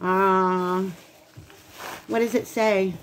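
A woman's voice: medium pitch, fairly even intonation, extremely slow, a little hiss or hum. A woman co-hosting a casual unboxing vlog, gushing and talking straight to her viewers. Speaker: channel co-host.

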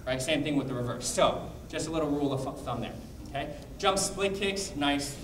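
In an echoey hall with plenty of background noise, a man heard from a distance coaches a martial arts class briskly, explaining moves and calling drills. His voice runs a little high for a man and has a fairly bright tone.

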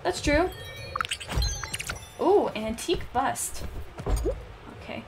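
A woman streamer giving casual let's-play commentary, excitable and chattering to herself as she plays. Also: on the high side, a little slow, pauses often, over music. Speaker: game streamer.

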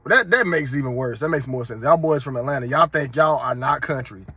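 Husky Southern man ranting on his vlog. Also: mid-range voice, a little fast, no room sound. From North Carolina. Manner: animated, mocking, emphatic rants. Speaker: channel host.

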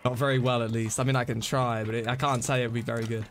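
A young man streaming a zombie game, chatting excitedly to his viewers and reacting to what happens. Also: mid-range voice, fast, a little hiss or hum. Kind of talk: casual live-stream commentary.

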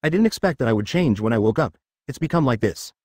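A man reading the lines of a blunt young woman fighter in a flat machine-read fan fiction, with no change of voice for her. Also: mid-range voice, quick pace, breathy edge, no room sound, studio quality. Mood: plain. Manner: plain read voice, no change for the role.

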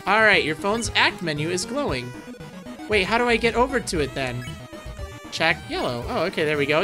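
A woman's voice: fairly low pitch, big pitch swings, normal speed, pushed and bright, soft background music. A woman commenting live on a video game she is playing, reactive and playful, exclaiming and laughing often. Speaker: let's play host.

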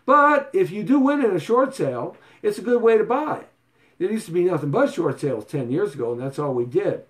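A man hosting a real estate show, talking to viewers in a playful, showy sales pitch full of sing-song repeats and stutter gags. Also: expressive, brisk.

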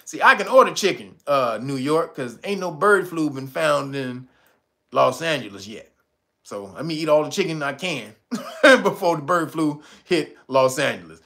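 A man's voice: fairly high pitch, animated, normal speed, gravelly, fairly bright tone. A man hosting a livestream, talking tough and blunt with profanity, breaking into laughs. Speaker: livestream host. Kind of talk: livestream pitch and commentary.

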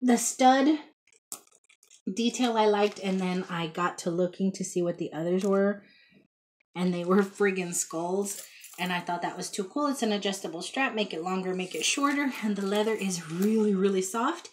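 A woman's voice: mid-range voice, moderate pace, slight background noise. A woman chatting casually to camera about her thrift finds in a child's bedroom at home, rambling and folksy. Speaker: thrift haul vlogger.

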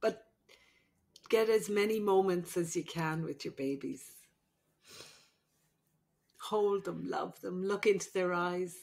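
An older woman talks through tears, slow and halting, with long pauses between her words. Her voice is tender and catches as she speaks to her grown daughter on a podcast. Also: fairly low pitch, gravelly, darkish tone. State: crying. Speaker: podcast host, midwife and mother. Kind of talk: emotional heart-to-heart podcast chat.

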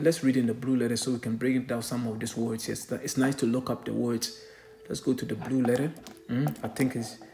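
A man's voice: medium pitch, darkish tone. Fervent preacher man, echoey room. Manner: fervent, punctuates lines with questioning "eh?"; reads verses aloud then explains them. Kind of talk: excited scripture teaching.

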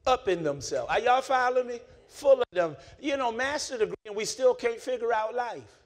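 A man preaching a sermon as pastor, pulling the congregation into call-and-response and swinging between low, quiet talk and shouting. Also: animated, moderate pace.

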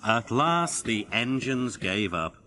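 A man narrating a children's story in a lively, expressive way. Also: medium pitch, takes it slowly.

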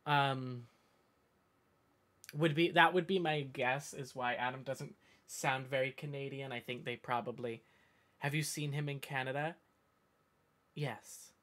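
A man's voice: medium pitch, fairly even intonation, a little slow, pauses often, a bit bright. A man from the northeastern US chatting casually on a live stream, reading viewer comments and drifting off on tangents. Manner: rambling, talks in tangents with many self-corrections.

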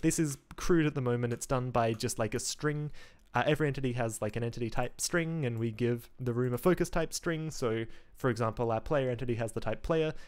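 A man's voice: mid-range voice, a little fast, clean tone. Man casually walking through his code. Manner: thinks aloud with frequent ums, restarts and wry asides. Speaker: game developer streaming live code. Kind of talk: casual live-stream coding walkthrough.

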